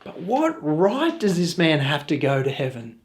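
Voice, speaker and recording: A man's voice: a little high, huge pitch swings, a little slow. A middle-aged man with an Australian accent, preaching a sermon in an earnest, storytelling way. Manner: earnest, storytelling with quoted voices. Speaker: pastor.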